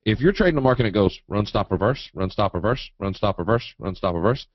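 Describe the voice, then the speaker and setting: Casting: man with a lowish voice, folksy and animated trading teacher, dry dull webinar audio. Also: fast talker, no room sound. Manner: folksy, animated, acts out quotes and chart moves. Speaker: trading educator.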